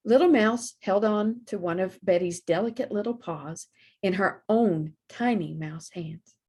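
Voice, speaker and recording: A woman librarian reading a children's picture book aloud for storytime, slow and expressive. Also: lowish voice, slightly rough.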